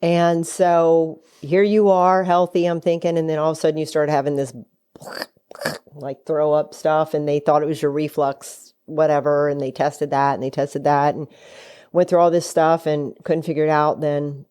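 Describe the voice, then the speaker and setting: A middle-aged mother, appearing as a guest who is the host's mother, tells a long story in casual chat. Her mellow, clear, resonant voice shows little pitch movement at a moderate pace, though she shifts pitch when acting out what people said.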